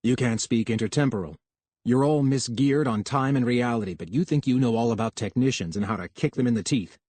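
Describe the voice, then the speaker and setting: A man's voice: medium pitch, fairly quick, no room sound, lightly acted. Male narrator as a touchy, bitter young technician; dry, close audiobook read. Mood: angry. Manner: curt, sharp, bitter. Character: young male technician, proud, quick-tempered.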